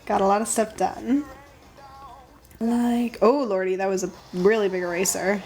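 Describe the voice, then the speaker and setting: A woman's voice: medium pitch, steady tone, normal speed, darkish tone, soft background music. A young woman casually chatting on a livestream while she draws, thinking aloud and greeting viewers by name. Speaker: livestream host drawing stickers.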